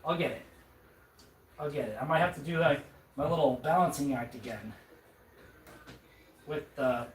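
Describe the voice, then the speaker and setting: Casually chatting on a live stream as they put furniture together, a streamer rambles, jokes at their own expense, and stammers through restarts. The medium-pitched voice moves at normal speed but pauses often. Recorded from a distance, it sounds off-mic and echoey, with faint noise.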